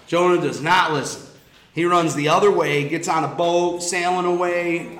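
A man with a fairly high voice teaches a Bible study, retelling the stories in a casual, lively way for a small group. The room is echoey. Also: a little slow, a little hiss or hum.

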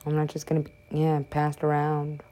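A woman's voice: sits low, monotone, normal speed, warm tone. A woman giving casual gameplay commentary, rambling and joking with frequent swearing. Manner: profane, rambling, joking asides.

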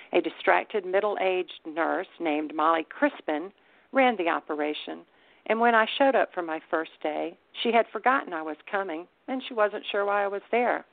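Woman author, low gravelly voice, wry deadpan reading, dry tinny phone-line sound. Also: no room sound. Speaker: author reading her book. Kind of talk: first-person story reading.

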